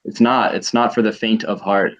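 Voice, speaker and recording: A man's voice: lowish voice, fairly even intonation, moderate pace. A young man hosting a casual livestream hangout, rambling through stories with lots of fillers. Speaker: stream host. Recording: dull lo-fi stream audio.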